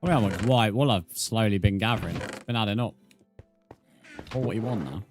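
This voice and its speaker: A man's voice: lowish voice, moderate pace, music in the background. Laid-back British man streaming a game. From Britain. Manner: relaxed, reads chat aloud and answers viewers, says "mate". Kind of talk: casual live-stream chat while gaming.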